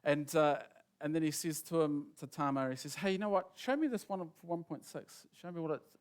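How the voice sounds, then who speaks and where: A man gives a sermon, his voice sitting a little higher than most men's. He rambles through an anecdote in a casual way and acts out each person's lines as he quotes them. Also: fairly quick, clear, resonant tone. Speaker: preacher. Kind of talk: sermon storytelling.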